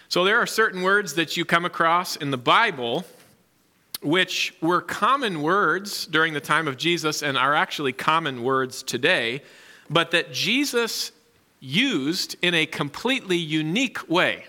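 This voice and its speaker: A man's voice: a little high, animated, measured pace, sharp tone. A man preaching a sermon, reading scripture and teaching earnestly with emphasis. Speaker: pastor. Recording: reverberant hall.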